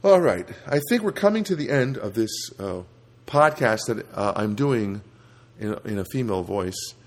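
A man delivering a rambling comedic podcast monologue through a software voice filter, often breaking off and restarting his sentences. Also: moderate pace. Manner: rambling, self-interrupting, lively swings in pitch. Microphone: home recording setup.

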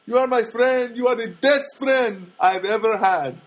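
A man voicing an effusive, earnest male security guard, pitching his voice up high and eager as he quotes him. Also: a little slow, low-quality recording. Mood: gushing.

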